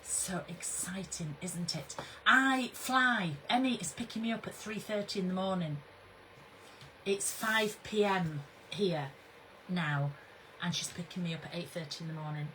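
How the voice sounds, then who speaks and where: Bubbly woman chatting slowly. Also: lowish voice, bright, forceful tone, a little hiss or hum, poor audio. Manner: chatty, bubbly, greets viewers by name. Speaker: craft brand owner hosting a livestream. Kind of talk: casual livestream chat.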